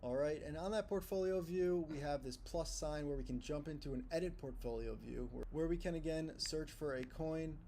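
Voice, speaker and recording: A man presenting a steady, explanatory walkthrough of an app's features. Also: fairly high pitch, normal speed, vocal fry, few pauses, slight background noise. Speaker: tutorial presenter. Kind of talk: screen-recorded app walkthrough.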